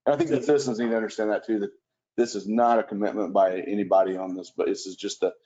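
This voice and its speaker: Low, dark-voiced man, hesitant. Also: fairly even intonation, fast talker. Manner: hesitant, many ums and restarts. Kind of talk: public meeting discussion. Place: commission room at city hall. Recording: muffled lo-fi meeting recording.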